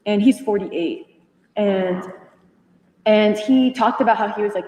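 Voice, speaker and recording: A young woman retelling a conversation to a study group, animated and full of fillers, laughing as she goes. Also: medium pitch, measured pace. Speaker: union member sharing at a study group. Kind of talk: casual storytelling in a group discussion. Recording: echoey hall, voice from far off.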